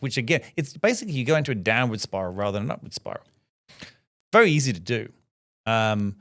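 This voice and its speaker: A man's voice: mid-range voice, no echo, studio quality. A middle-aged man speaking as a podcast guest, reflective and emphatic, often adding rhetorical "right?" asides.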